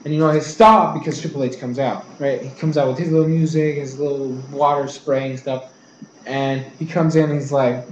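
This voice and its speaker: A man's voice: fairly high pitch, brisk, darkish tone. A young man casually recapping events and giving his predictions, retelling scenes and quoting characters in his own voice. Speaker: vlogger. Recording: echoey room, faint background noise.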